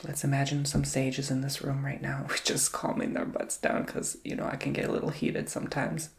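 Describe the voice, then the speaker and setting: Gravelly guy doing an asmr tarot reading, kinda monotone pitch, dramatic chatter slipping into whispers. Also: moderate pace. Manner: chatty and theatrical, dropping to whispers.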